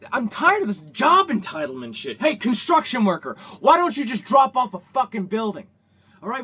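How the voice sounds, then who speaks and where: A male vlogger with a high, slightly bright, husky voice rants angrily to camera. Heated and profane, he swears heavily, repeats himself and stumbles over restarts.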